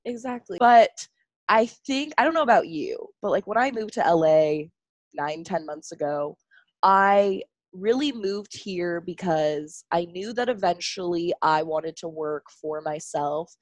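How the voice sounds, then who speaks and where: A woman's voice: on the low side, a little slow, no room sound. A woman co-hosting a podcast in casual chat, talking candidly, swearing and laughing often. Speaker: podcast co-host. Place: home, lived in Los Angeles.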